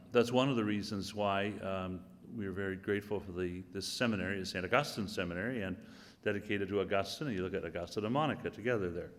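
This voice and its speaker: Older churchman with wry asides. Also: lowish voice. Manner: reflective, with dry humorous asides. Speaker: cardinal giving opening remarks. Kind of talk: informal spoken address. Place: church hall or chapel setting. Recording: long hall reverb.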